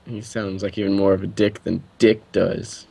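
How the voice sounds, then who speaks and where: A young man chatting with a friend over co-op gameplay, excitable and jokey. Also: low-pitched, moderate pace, creaky, husky. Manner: excitable, jokey, laughs a lot. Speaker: gamer. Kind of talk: casual co-op gaming commentary.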